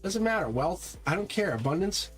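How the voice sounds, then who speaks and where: Talking at a moderate pace in a high-sitting voice, a tarot reader conducts a live session, emphatic and energetic as he speaks right to his audience. Faint music is audible in the background.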